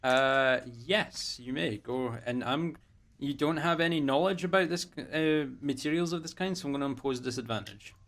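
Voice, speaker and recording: A man's voice: a little high, normal speed, fairly bright tone. A man narrating as game master over a voice call, loose and full of fillers.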